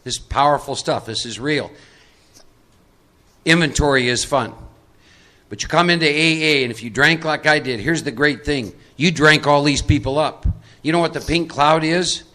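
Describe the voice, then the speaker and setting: A man's voice: on the high side, normal speed, bright, forceful tone. A man giving a live recovery workshop talk, conversational and coaxing as he pulls volunteers from the audience into a role-play. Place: meeting room with audience.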